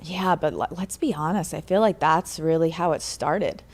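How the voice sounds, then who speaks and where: A woman co-hosting a tarot show in a studio, upbeat and quick to laugh and agree. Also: low voice, darkish tone. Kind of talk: casual chat with co-host.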